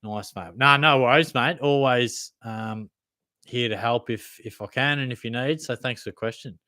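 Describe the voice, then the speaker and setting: A man's voice: medium pitch, normal speed, sharp tone, dry recording, clean studio sound. A young Australian man hosting a casual livestream Q&A, reading out chat questions in a laid-back, blokey way, calling everyone mate and swearing freely. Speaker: fantasy football livestream host.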